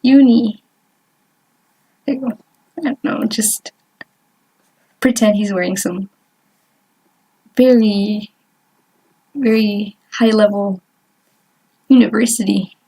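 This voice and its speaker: A woman's voice: mid-range voice, slow pace, long pauses, dark tone, breathy edge. A young woman vlogger chatting casually while she doodles, rambling and trailing off with lots of fillers and little laughs. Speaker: artist vlogger.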